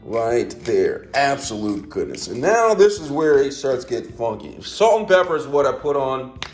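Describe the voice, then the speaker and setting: A man's voice: medium pitch, big pitch swings, normal speed, a little mellow, faint music behind. A man giving a casual cooking demonstration at home, folksy and full of repeated catchphrases, dropping his voice on little asides. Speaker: home cook.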